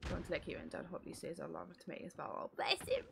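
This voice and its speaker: A woman streaming a game early in the morning, chatting to viewers in a croaky, sleepy voice and laughing loudly. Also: fairly low pitch, level tone, rapid-fire, background noise. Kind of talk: casual chat while gaming live.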